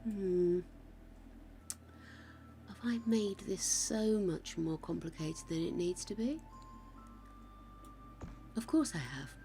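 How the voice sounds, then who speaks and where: An older woman from England with a croaky voice, chatting and thanking viewers while building in a game, self-mocking and gushing. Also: lowish voice, expressive, slow pace, long pauses, dark tone, soft background music. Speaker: game streamer.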